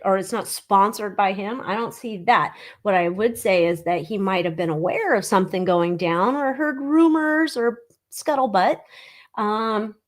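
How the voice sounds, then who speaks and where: Woman, tarot stream host, snarky jokes, casual chatter, fillers and asides. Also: medium pitch. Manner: snarky, joking, laughs at her own jokes. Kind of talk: casual live-stream chat with card readings.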